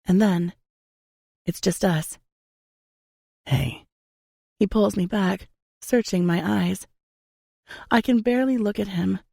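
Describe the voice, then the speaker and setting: A young adult woman narrating a first-person romance audiobook in an intimate, measured way on a close studio mic. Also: mid-range voice, vocal fry, warm tone, dry recording.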